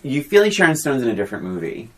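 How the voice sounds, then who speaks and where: A woman with a strikingly deep voice co-hosts a podcast in casual film chat. Her pitch swings widely as she talks, and she is emphatic and quick to laugh. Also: big pitch swings, a bit bright. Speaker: podcast co-host.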